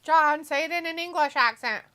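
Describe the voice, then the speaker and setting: Woman co-host, slightly high and bright, casual stream chat, reads comments with easy laughs. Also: moderate pace. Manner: reads viewer comments aloud, laughs easily. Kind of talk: casual watch-along chat.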